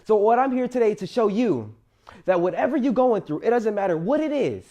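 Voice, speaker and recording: A man's voice: high voice, sing-song, brisk, warm tone, highs cut off. A young man in college tells his own life story to camera in an earnest, emphatic, motivational way. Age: young adult.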